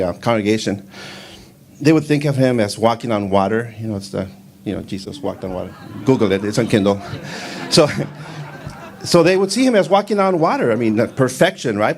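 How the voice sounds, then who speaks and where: A man in his fifties doing a stand-up comedy set on a club stage, rambling in a deadpan way with lots of fillers. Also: mid-range voice. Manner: rambling, deadpan delivery with frequent fillers, breaks into shouted Spanish quotes.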